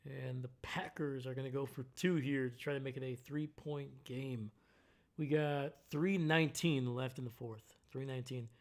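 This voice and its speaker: Casually narrating a football game on a live stream, a young man speaks with medium pitch and normal speed. His manner is laid-back, and "man" caps off almost all of his sentences.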